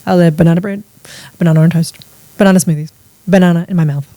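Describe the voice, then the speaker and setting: Chatty, animated woman podcaster. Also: on the low side, no room sound. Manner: chatty and animated, swears casually, fast riffs. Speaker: podcast host. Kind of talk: casual solo podcast monologue.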